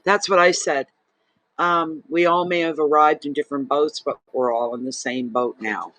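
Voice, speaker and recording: A man's voice: a little high, fairly even intonation, moderate pace, sharp tone, no echo, poor audio. A man, a tarot reader and channel host, talking to camera in an emotional, rambling, heartfelt way. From Saint John, New Brunswick, Canada. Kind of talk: casual personal monologue to camera.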